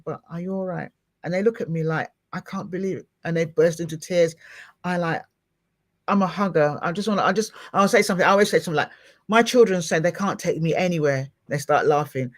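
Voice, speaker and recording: A middle-aged woman hosting a podcast, chatting casually and acting out little scenes as she talks. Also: lowish voice. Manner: animated, expressive, acts out little scenes. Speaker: podcast host. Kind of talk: casual interview chat.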